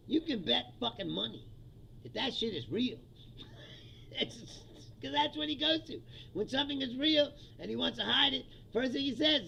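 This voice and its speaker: A man's voice: very high-pitched, vocal fry, pushed and bright, dull audio, a little hiss or hum. A man hosting his own livestream, ranting about politics in a heated, profane, laughing casual style. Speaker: livestream host.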